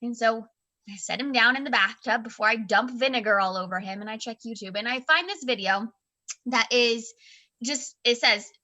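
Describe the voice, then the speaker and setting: A woman in her thirties co-hosting a book club podcast, telling a home story in a lively, expressive way and acting out the voices she quotes. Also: a little high, moderate pace. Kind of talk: casual storytelling chat.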